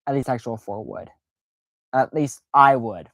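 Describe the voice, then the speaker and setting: A woman's voice: extremely low pitch, a little slow. A woman streaming a casual, rambling chat, full of fillers and self-deprecating asides, who acts out quoted reactions in playful voices.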